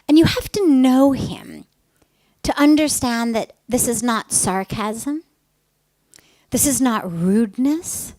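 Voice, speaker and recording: A middle-aged woman who works as a spiritual teacher tells a personal story, earnest and emphatic, often softening into a breathy hush. Her voice is on the high side and slow, with frequent pauses, in a dry recording.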